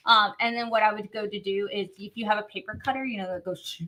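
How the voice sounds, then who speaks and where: A woman's voice: mid-range voice, fairly even intonation, fast talker, pushed and bright. A woman hosting a live craft demo, chatty and bubbly, laughing often as she reads viewer comments.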